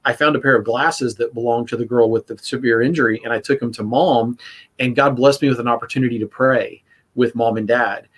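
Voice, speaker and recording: A man's voice: mid-range voice, fairly even intonation, fairly quick, slightly rough. A man hosting a casual podcast on church safety, telling a story earnestly and acting out what people said. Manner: earnest storyteller, acts out quotes. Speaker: podcast host.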